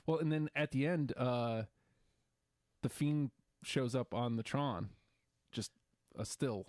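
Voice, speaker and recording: A man's voice: medium pitch, takes it slowly, a little mellow, no echo, studio quality. A man co-hosting a casual wrestling podcast, recapping matches and quoting wrestlers in voices. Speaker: podcast co-host.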